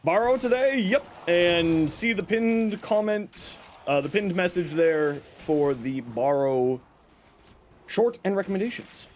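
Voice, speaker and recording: Chatty male game streamer, slightly high voice. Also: expressive, slow pace, a little hiss or hum. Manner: chatty, explains game tips to chat. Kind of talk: casual gameplay commentary.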